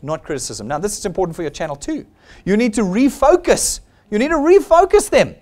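A man's voice: high voice, very animated, quick pace, a little mellow. Emphatic man rallying a seminar. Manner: emphatic and exhortative, acts out quoted voices. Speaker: seminar presenter for his company. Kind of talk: motivational seminar talk.

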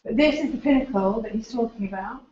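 A woman's voice: a little high, fast talker, warm tone. Woman lecturing in an echoey room. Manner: conversational, explaining while pointing at pictures. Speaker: researcher giving a seminar talk. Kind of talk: informal academic presentation with slides. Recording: roomy, dull lecture recording.

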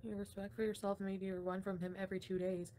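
There's slight background noise as a young woman with a mid-range, dark-toned voice talks fast with little pitch movement. Hosting a laid-back livestream, she reads the chat aloud, ranting profanely and laughing often.

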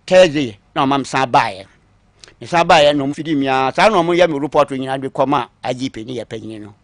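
A man recounting his own long story on a talk show, acting out what others said to him, moving between quiet asides and louder bursts. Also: medium pitch, fairly quick, no room sound. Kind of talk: call-in story telling.

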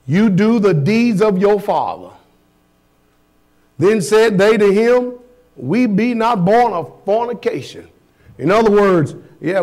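A man's voice: high voice, a little mellow. A man preaching a sermon as pastor, firing blunt rhetorical questions at his congregation in a folksy, emphatic way.

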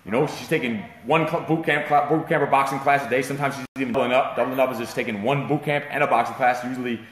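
Fast-talking, profane fitness trainer man. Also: mid-range voice, fairly even intonation, roomy sound. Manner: profane, hyped and rambling. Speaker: fitness trainer and show host. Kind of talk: casual livestream talk.

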